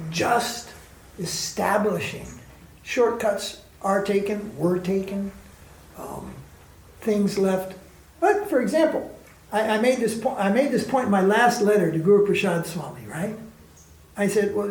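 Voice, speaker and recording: Here a spiritual teacher being interviewed, a man whose voice sits high with a darkish tone, recounts stories openly and casually while throwing out emphatic rhetorical questions. There's slight background noise and a spacious echo.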